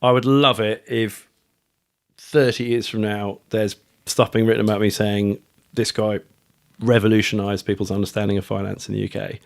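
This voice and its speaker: A middle-aged man with a British accent, a guest talking in a casual interview, rambling and animated, with lots of fillers and the odd swear word. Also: on the low side, moderate pace, gravelly. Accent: British English. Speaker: guest author.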